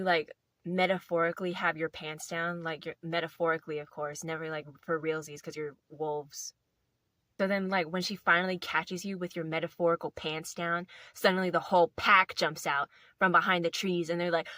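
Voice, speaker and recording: A woman's voice: on the low side, bright, forceful tone, no room sound. A young woman casually telling a playful story to camera, rambling with lots of filler words. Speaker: video host.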